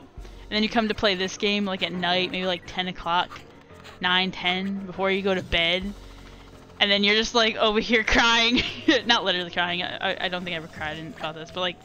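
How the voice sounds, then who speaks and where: A young woman giving casual commentary while she streams a game, animated and quick to laugh. Her voice is bright and forceful, with faint music underneath. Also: mid-range voice. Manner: animated, laughs often, chats with viewers.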